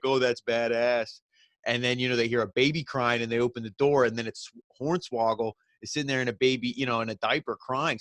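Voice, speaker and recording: Reviewing a wrestling show, this man rambles casually and fills his talk with "like" and "you know." The dry recording captures a medium-pitched, slightly bright voice.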